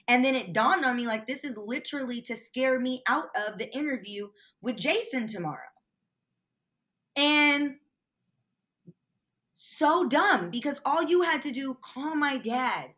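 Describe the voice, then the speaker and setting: Bright, higher-voiced woman telling her story. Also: normal speed. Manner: animated storyteller, swears freely. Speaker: interview guest. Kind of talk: candid retelling of a phone call.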